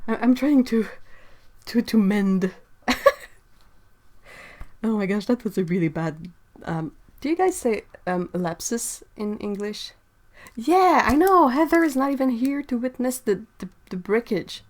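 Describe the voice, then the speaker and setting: A woman's voice: on the high side, lively intonation, unhurried. A woman hosting an art livestream from a home studio, chatting casually and apologetically while she paints, often breaking into giggles.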